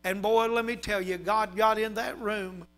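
A man's voice: high-pitched, fairly even intonation, normal speed, a bit bright, clear, resonant tone, low-quality recording. A man, a pastor telling folksy stories in an emphatic sermon. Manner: folksy, emphatic preaching with rising intensity. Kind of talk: sermon storytelling.

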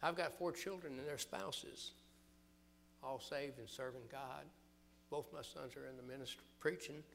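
An older man from the American South preaching a fervent sermon, building loud through scripture and dropping low and quiet for personal stories. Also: moderate pace, creaky, faint music behind.

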